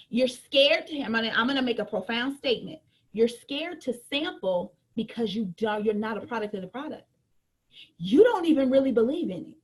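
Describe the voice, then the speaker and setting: A woman's voice: on the high side, breathy edge. A woman giving an emphatic, joking business training talk, repeating her points and preaching to her team.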